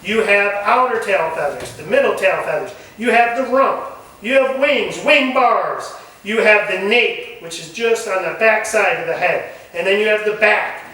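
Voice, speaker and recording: A man teaching a camp nature lesson, animated and asking the group questions. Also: high voice, normal speed. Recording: echoey room recorded from far off.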